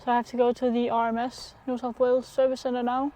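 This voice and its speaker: A young woman from Denmark records a casual vlog, her voice mellow and fairly high. She speaks in a flat, unhurried way, filling pauses with ums and yeahs. At times she drops into a half-whisper. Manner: chatty, hesitant with many fillers, sometimes half-whispering. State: sick, in bed. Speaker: vlogger.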